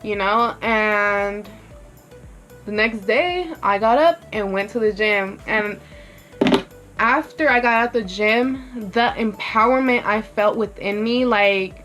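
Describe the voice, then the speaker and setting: A woman's voice: medium pitch, slow pace, fairly bright tone, faint music behind. A young woman vlogger telling her story in a rambling, candid way, filling her talk with "like" and swearing freely. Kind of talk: casual get-ready-with-me storytelling.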